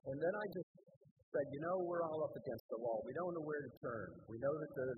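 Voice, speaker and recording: Husky older man preaching. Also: on the high side, animated, fast, no room sound, phone-quality sound. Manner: earnest storytelling, rising to emphatic preaching. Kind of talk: testimony sermon.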